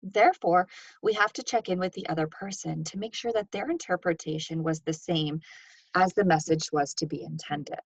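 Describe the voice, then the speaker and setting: A woman's voice: fairly low pitch, normal speed, husky, no room sound. A woman co-presenting an educational session, guiding listeners through examples. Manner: guiding, reads example sentences with changing stress. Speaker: workshop co-presenter. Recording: dull, dry lo-fi mic.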